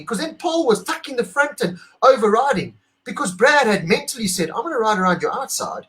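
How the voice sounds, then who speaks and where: A high-pitched man co-hosts a casual talk, gushing with emotion and animation. He is middle-aged and from South Africa. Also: sing-song, a little fast, hardly any pauses, pushed and bright, low-quality recording. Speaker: podcast co-host. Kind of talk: excited casual chat.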